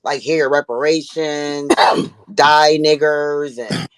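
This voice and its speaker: A woman from Buffalo, New York, calling in to a heated debate, talking in halting, rambling runs full of fillers. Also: low voice, steady tone. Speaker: caller.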